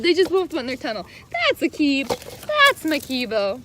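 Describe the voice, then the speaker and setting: A woman hosting a video, reading a picture book aloud in an animated, sing-song way and cooing to her pets between pages. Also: high-pitched, normal speed. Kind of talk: storybook read-aloud.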